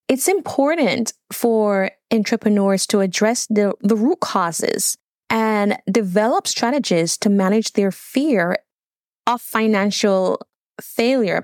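A woman's voice: mid-range voice, no room sound. Jamaican woman talking business, dry sound. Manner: reads points then adds personal asides. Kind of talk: solo talk reading notes with asides.

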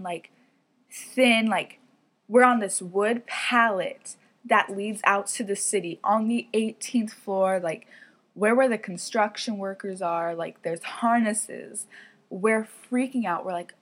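A young woman hosting a podcast, telling a story in a chatty way, full of fillers and laughs. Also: medium pitch. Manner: chatty, giggly, lots of "like" fillers. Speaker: podcast host. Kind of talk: casual storytelling.

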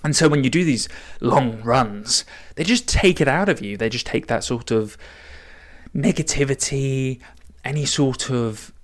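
A young man hosting a solo podcast. He talks casually in a rambling way, restarting often, with an excited edge. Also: medium pitch, a little slow. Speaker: podcast host.

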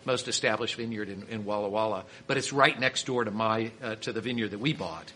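Bright-voiced chatty man telling stories. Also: on the low side, fairly quick, slight background noise. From Kansas City, US. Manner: chatty storyteller with frequent restarts. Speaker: podcast guest, winery owner and master sommelier. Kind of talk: casual storytelling interview.

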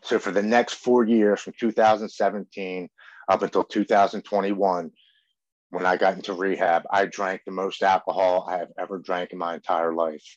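A podcast guest in his forties, speaking in a low voice, shares his recovery story with real earnestness and plays out the lines he and others spoke. The recording is dull and muffled, dry, with no sense of a room and no echo.

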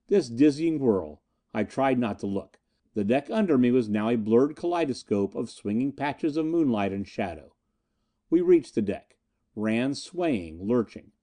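A man's voice: mid-range voice, lively intonation, unhurried, mellow. A man narrating a first-person adventure story in a dramatic, tense reading style. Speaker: audiobook narrator.

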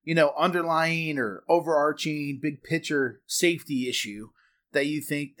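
Chatty man hosting, slightly high voice. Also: moderate pace, a bit bright. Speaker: podcast host, trainer. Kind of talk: casual interview chat.

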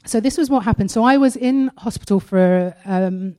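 A woman sharing a personal testimony at a church service, earnest and halting, partly reading aloud from her own writing. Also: medium pitch, a little mellow. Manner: earnest and halting, with frequent pauses.

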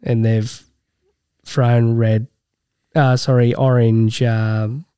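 A man's voice: medium pitch, flat delivery, extremely slow, dark tone, smooth, dry recording, clean studio sound. An Australian man co-hosting a sports podcast in casual banter, blunt and swearing freely. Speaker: podcast co-host.

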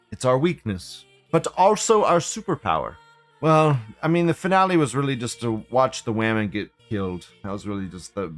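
A man hosting a live show, reading forum posts aloud and reacting in an excitable, profane, rambling way. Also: mid-range voice. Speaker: livestream host.

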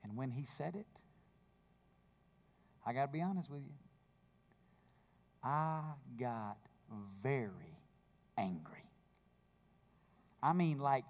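A man preaching a sermon, moving between low intimate speech and loud emphatic bursts. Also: lo-fi sound. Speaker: pastor.

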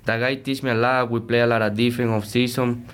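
Young guy talking ballplayer stuff in broken english, smooth clear voice, upbeat and sincere. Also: mid-range voice, a little fast. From Venezuela. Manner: earnest, energetic, broken English. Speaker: baseball player, interview guest. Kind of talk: casual interview chat.

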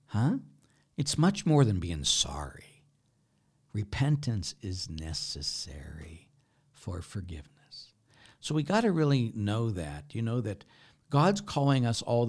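A man, a Catholic priest, giving a plain-spoken, conversational sermon and checking in with the listeners with a quick "huh?". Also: on the low side, darkish tone.

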